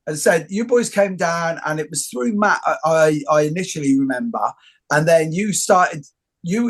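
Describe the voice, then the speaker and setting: A middle-aged man hosting a casual interview, telling jokey, animated stories. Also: a little high, husky. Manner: joking, animated storyteller. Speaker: host.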